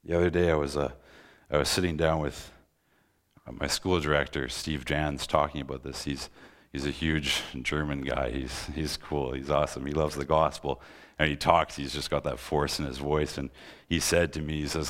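A man's voice: rumbling low, steady tone, moderate pace, a bit bright. A young man preaching a sermon in an earnest voice that rises into impassioned, pleading questions.

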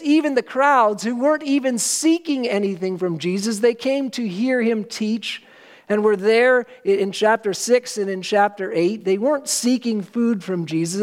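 A pastor preaching a sermon to a church congregation, earnest and emphatic, with slow, weighty pauses. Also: male voice, high voice.

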